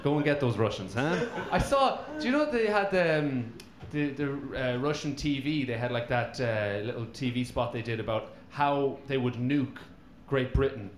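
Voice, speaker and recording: A man's voice: medium pitch, normal speed, hardly any pauses. A man doing sweary, laughing crowd work on a comedy stage. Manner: sweary, laughing, animated storytelling. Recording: echoey live room with crowd.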